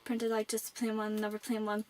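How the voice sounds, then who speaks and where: A woman's voice: medium pitch, monotone, a little fast, darkish tone. A young woman in her late teens with a Northern Irish accent, chatting to camera in a rambling vlog. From Northern Ireland. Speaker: vlogger. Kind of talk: casual chat to camera.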